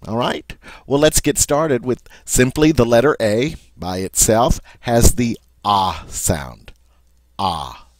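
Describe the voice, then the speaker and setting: A man's voice: medium pitch, lively intonation, slow pace, a little mellow, dry recording. A man giving a patient language lesson, explaining sounds step by step and often checking in with "all right?". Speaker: French teacher.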